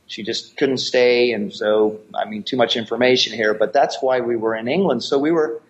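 A man's voice: mid-range voice, normal speed. Man telling stories, dull lo-fi audio. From United States. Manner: rambling anecdotes with many restarts. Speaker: guest, martial arts actor. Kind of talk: storytelling interview chat.

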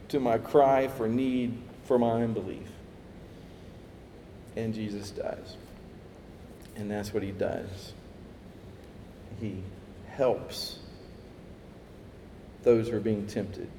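A man's voice: medium pitch, slow, vocal fry, long pauses, slight background noise. Man preaching in an echoey hall. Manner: animated, acts out quoted voices, chuckles. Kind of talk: sermon. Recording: echoey hall with faint ambience.

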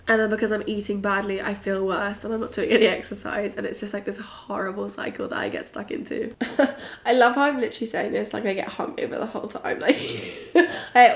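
A young British woman hosting a casual solo podcast, bubbly and chatty with frequent giggles, her voice a little croaky and husky. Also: medium pitch. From Britain. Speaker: podcast host. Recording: roomy echo.

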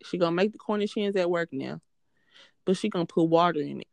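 A woman's voice: on the low side, fast, vocal fry, a little mellow, no echo. A woman in her thirties telling a story in a casual chat, mimicking coworkers in quoted voices. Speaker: podcast co-host.

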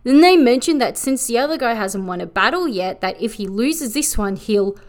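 A woman giving a sarcastic, profane comedic recap of an anime, tossing off quick mocking voices for the characters. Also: a little high, lively intonation. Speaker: anime reviewer.

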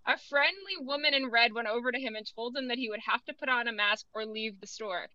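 Young female co-host, fairly high voice, chatty with fillers. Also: a little fast, pushed and bright, no echo, lo-fi sound. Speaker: radio co-host. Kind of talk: casual radio chat. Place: college radio studio.

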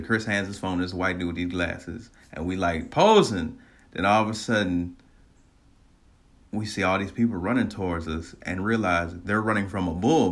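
A man casually telling a personal story, animated, laughing often and swearing freely. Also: low-pitched.

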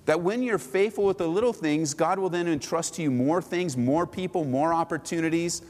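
A man preaching a sermon to his church, animated and full of rhetorical questions. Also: on the high side, normal speed, in a large hall. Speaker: pastor.

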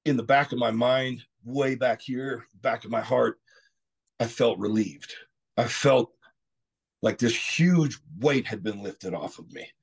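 A middle-aged man from Texas, a podcast guest telling his story candidly, rambling and clearing his throat often. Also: medium pitch, a little slow. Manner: frequent "you know" asides.

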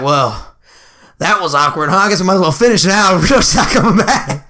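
Young guy on a podcast, higher pitched, bright tone, swears a lot, acts out all the voices in his stories. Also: animated, fairly quick. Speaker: podcast co-host. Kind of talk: casual storytelling chat.

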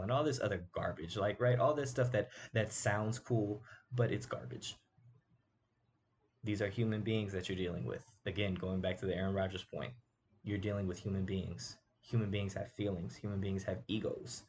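A man's voice: on the low side, fairly even intonation, moderate pace, a little mellow, a little hiss or hum. A man hosting a casual sports commentary show, talking emphatically and tossing rhetorical asides to his audience.

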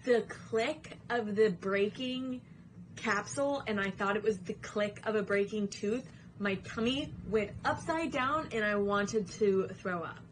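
A woman's voice: medium pitch, unhurried, a little hiss or hum. A young woman co-hosting a podcast, chatting casually with earnest, candid reactions. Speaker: podcast co-host. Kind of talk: casual chat.

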